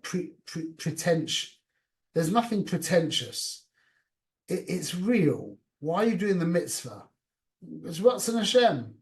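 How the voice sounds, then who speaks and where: A man teaching an informal class in a lively, conversational way, often restarting his sentences and sprinkling in Yiddish and Hebrew terms. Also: on the high side.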